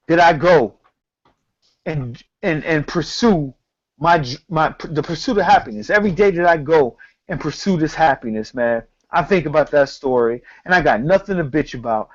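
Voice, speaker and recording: A man co-hosting a casual talk show, telling a story in an animated, slangy, profane way. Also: on the high side, moderate pace, muffled recording. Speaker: podcast co-host.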